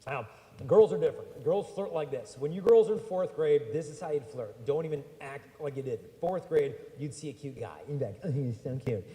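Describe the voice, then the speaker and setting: A man with a fairly high, mellow voice tells stories to a young crowd in a chatty, animated way. The sound is roomy, with a long church reverb trailing each phrase. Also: a little fast. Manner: chatty, animated storytelling, slangy asides. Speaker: speaker addressing young people. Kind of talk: lively humorous talk to a live audience. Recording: echoey church hall.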